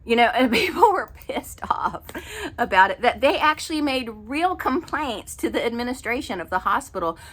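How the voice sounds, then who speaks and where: A middle-aged woman telling a story in an exasperated, animated casual rant with many fillers. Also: fairly high pitch, moderate pace. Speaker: vlogger. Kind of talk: casual ranting monologue.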